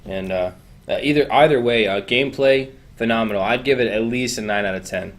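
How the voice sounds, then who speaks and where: A man co-hosting a casual gaming podcast, talking in a relaxed, rambling way with many fillers and restarts. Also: medium pitch, a little fast. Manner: relaxed, rambling, lots of "uh" and repeats. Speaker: podcast co-host.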